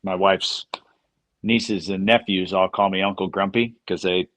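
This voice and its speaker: A man's voice: sits low, steady tone, unhurried, fairly bright tone, no room sound. A man from the United States, a podcast guest, talking in a hesitant, self-deprecating way. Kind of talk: casual interview chat.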